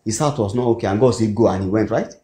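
Nigerian preacher in an echoey hall. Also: male voice, on the low side, fast, mellow. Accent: Nigerian English. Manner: call-and-response, asks the congregation "what?" to fill in words. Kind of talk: sermon. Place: church hall.

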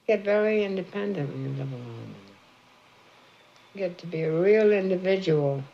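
A woman's voice: on the low side, animated, moderate pace, gravelly, slight background noise. An older woman, once a singer, talking insistently and proudly with her daughter in a candid documentary. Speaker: mother, former singer. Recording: dull lo-fi 1970s film sound.

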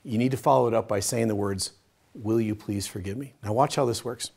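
A man teaching a Bible study session in a conversational, demonstrative way, acting out short everyday dialogues in a softer voice. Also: fairly low pitch, brisk, vocal fry, slightly rough. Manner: demonstrative, uses a pen as a prop.

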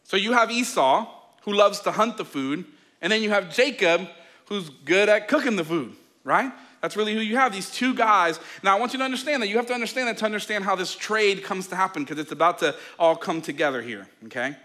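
A male pastor who preaches a sermon, tells the story in a lively way, and talks straight to his listeners. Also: sits high, fairly quick. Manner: animated storytelling, acting out scenes; addresses listeners directly.

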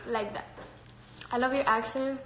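Brash, profane woman live-streaming from home; bright, high voice, lots of laughing, echoey room. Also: fairly even intonation, normal speed, a little hiss or hum. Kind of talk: casual live-stream chat. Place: home with her dogs. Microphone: phone.

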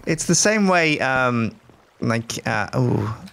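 An animated man chats casually while coaching a new player through a game. His pitch swings widely as he teases her and gives patient step-by-step instructions. His voice sits at an ordinary middle pitch for a man. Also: takes it slowly, gravelly. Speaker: Minecraft mentor. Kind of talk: casual gaming chat.

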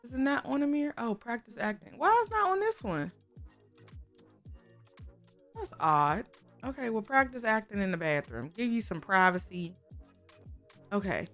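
A woman's voice: fairly high pitch, sing-song, moderate pace, long pauses, fairly bright tone, faint music behind. A woman giving casual, chatty commentary while playing a life-sim game, often talking to the characters on screen. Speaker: gaming creator. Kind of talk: casual let's-play commentary.

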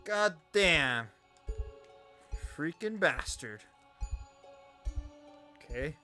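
A young man giving loud, cursing let's-play commentary, yelling at monsters as his voice grows hoarse. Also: sits high, animated, takes it slowly, long pauses, faint music behind. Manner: loud, swearing, talks to the monsters. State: voice getting hoarse. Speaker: gamer.

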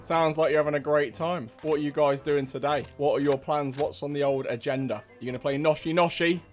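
Dude trash-talking in voice chat, cheeky and mocking, kinda high voice, music behind. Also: male voice, steady tone, a little fast. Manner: cheeky, mocking banter with British slang. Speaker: game streamer. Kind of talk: taunting players over game voice chat.

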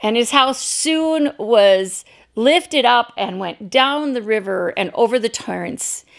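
A woman's voice: fairly high pitch, animated, takes it slowly, gravelly. A woman pastor preaching a sermon, telling a story in a loose, unscripted way. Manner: storytelling, unscripted with fillers and restarts.

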